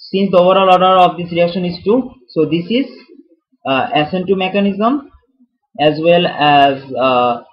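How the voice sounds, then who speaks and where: A man's voice: high-pitched, lively intonation, moderate pace. A man teaching a chemistry tutorial while he writes. He talks casually, stumbles over and restarts words, jokes at his own expense and calls viewers "fellas.". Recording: dull lo-fi sound.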